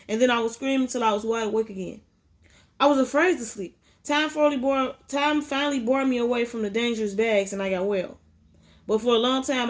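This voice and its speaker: A woman reading a memoir aloud, with an unpolished delivery full of restarts and self-corrections. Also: a little high. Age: adult with a child. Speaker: audiobook reader.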